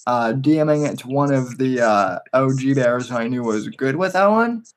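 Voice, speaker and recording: A man's voice: mid-range voice, expressive, normal speed. A man hosting a podcast, cutting in to add background to his guest's story. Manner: interjecting to add context. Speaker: podcast host. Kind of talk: casual chat.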